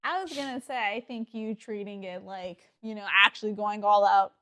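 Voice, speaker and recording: A woman's voice: medium pitch, moderate pace, a bit bright. A young woman co-hosting a podcast, bantering in a teasing way with casual swearing. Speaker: podcast co-host. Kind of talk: casual chat.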